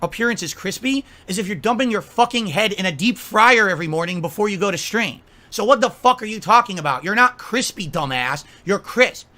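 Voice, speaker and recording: Man, high voice, bright and sharp tone, angry profane rant, scolding, mocking. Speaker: streamer.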